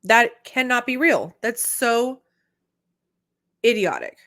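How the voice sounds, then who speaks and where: A woman's voice: a little high, sing-song, takes it slowly, fairly bright tone. A young woman hosting a reaction video, giving blunt, incredulous commentary.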